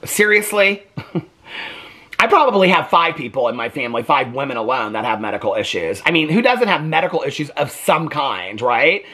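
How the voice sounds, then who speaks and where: A man's voice: medium pitch, sing-song, brisk, sharp tone, slightly rough. A man giving casual reaction commentary on his vlog, chatty, often asking "okay?" and acting out quotes in put-on voices. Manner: acts out quotes in changed voices. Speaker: reaction vlogger.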